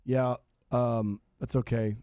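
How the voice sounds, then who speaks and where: Male host, 40s, dark mellow tone, dry close sound, chatty and joking. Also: mid-range voice, level tone, clear, resonant tone, dry recording. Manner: joking, chatty, quick interjections. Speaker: podcast host. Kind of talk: casual interview chat.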